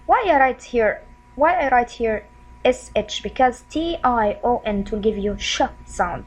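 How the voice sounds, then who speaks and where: A woman teaching a spelling lesson, sounding out syllables slowly and often asking the learners questions. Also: a little high, expressive, rough recording. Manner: repeats sounds slowly and clearly; friendly, asks questions of the learners. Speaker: English teacher.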